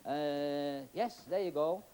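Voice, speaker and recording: A man's voice: a little high, takes it slowly, warm tone, clean tone. A middle-aged man with a Yorkshire accent, a stage magician chatting and joking with volunteers on a TV studio stage. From Yorkshire, England. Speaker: magician host. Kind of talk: stage magic patter with audience. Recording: old TV broadcast with faint hiss.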